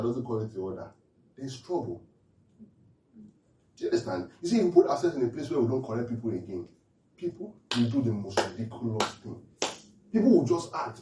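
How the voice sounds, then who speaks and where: Man preaching, lively swooping voice, laughs a lot, roomy echo, a bit off-mic. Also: mid-range voice, far from the mic, a little hiss or hum. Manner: animated, laughing often, asks the audience questions. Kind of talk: humorous sermon.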